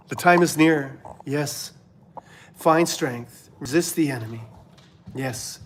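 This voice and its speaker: A man from Canada hosting a livestream of religious commentary, preaching fervently and then dropping to a hushed murmur. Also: fairly high pitch, drawn-out words, long pauses, slight background noise. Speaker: livestream host.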